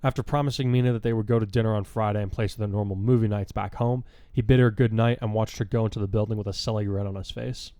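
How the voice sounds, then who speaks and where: A man narrating a fan fiction story in a steady storytelling manner. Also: on the low side, quick pace, few pauses, no room sound.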